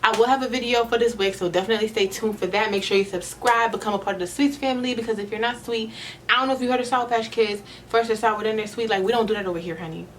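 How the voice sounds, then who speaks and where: Her voice is fairly high with fairly even intonation and a quick pace, over slight background noise. The young vlogger is recording a casual video in a small home room lit by a ring light, playfully chatting with viewers and nervously giggling.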